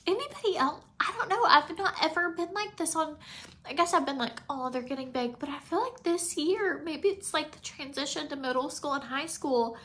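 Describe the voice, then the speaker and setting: Her voice is high-pitched, and she's roughly forty, a makeup vlogger talking off the cuff as she puts on makeup at home. Emotional and teary, she sometimes softens almost to a whisper.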